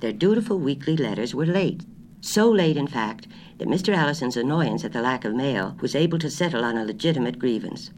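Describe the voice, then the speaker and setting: Audiobook narrator, expressive, lively up-and-down pitch, faint background hiss. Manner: measured, expressive reading. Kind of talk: scripted story narration.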